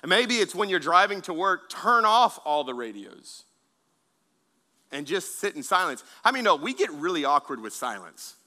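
Bright-voiced male pastor preaching. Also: high-pitched, big pitch swings, moderate pace. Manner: conversational preaching with asides and repeated words. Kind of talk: sermon.

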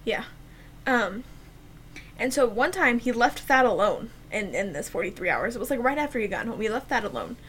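Young woman, higher pitch, podcast co-host, sarcastic, swears, faint noise. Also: expressive, normal speed, a bit bright, rough recording. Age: young adult. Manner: chatty, sarcastic, swears freely, laughs often. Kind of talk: casual chat and true crime storytelling.

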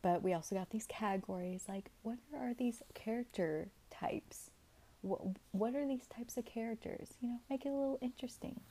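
A woman's voice: on the high side, normal speed, mellow, husky. A young woman co-hosting a podcast from home, chatty and rambling, still getting over being sick. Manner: chatty, rambling, self-aware. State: recovering from illness. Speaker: podcast co-host. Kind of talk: casual podcast chat. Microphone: home computer mic, remote recording.

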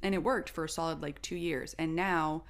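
A young woman with a fairly low voice chats casually about parenting. She rambles warmly through stories and jumps up in pitch when she quotes herself or her toddler. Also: steady tone, moderate pace. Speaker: podcast co-host.

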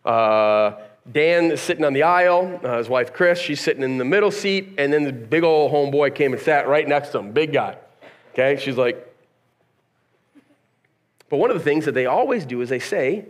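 A male pastor preaches casually and conversationally, firing rhetorical questions at the congregation and using slang. He tells stories and acts out bits of dialogue, his voice a little high and expressive at normal speed.

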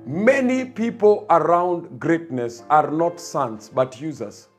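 A man's voice: a little high, lively intonation, takes it slowly, faint music behind. A man preaching a sermon, emphatic and repetitive, building his points.

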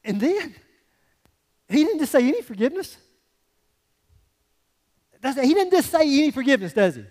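A male pastor giving a conversational, animated sermon with folksy asides to the congregation. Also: very high voice, normal speed, long pauses, long reverb tail.

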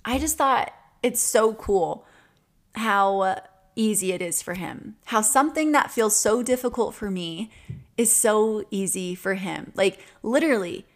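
This twentysomething woman hosts a podcast, chatting earnestly through a laid-back, reflective monologue full of laughs and fillers. Her voice sits on the high side and sounds a bit bright.

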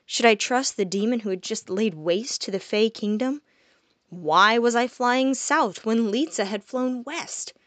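A woman narrating a first-person fantasy story, soft-spoken and dropping quiet on reflective moments. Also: a little high, a little slow, no echo. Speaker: audiobook narrator.

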